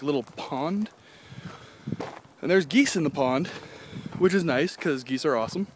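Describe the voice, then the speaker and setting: A man's voice: a little high, slight background noise. A young man, rambling and joking as he walks outdoors by a golf course pond, filming on his phone. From Canada. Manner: rambling, joking, swears casually. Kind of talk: casual walking vlog. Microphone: handheld phone.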